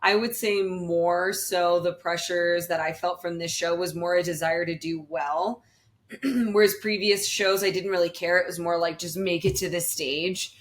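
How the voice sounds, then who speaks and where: A woman's voice: fairly low pitch, steady tone, moderate pace. A young woman talking casually about her bodybuilding prep, chatty and full of fillers. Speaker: bodybuilding competitor, guest. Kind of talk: casual podcast chat.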